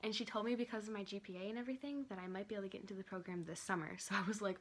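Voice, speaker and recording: A woman's voice: medium pitch, fairly even intonation, rapid-fire. A young woman chatting casually to her phone camera from her bed, rambling and drifting off topic, chewing gum as she talks. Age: young adult. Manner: chewing gum while talking. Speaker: vlogger. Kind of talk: casual chat. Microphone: handheld phone camera.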